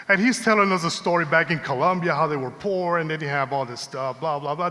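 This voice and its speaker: A man preaching with a bright, slightly high voice, mixing scripture with a lively personal story. His delivery is casual and conversational. The sound rings out with a long reverb, as in a large sanctuary. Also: fairly quick. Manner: conversational, animated storytelling with laughs. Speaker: pastor.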